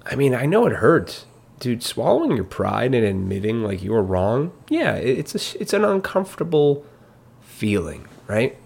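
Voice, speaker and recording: A man's voice: medium pitch, very animated, normal speed, vocal fry, a little mellow, breathy edge. A man ranting bluntly in a casual monologue, swearing freely and mocking others in put-on voices. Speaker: commentator.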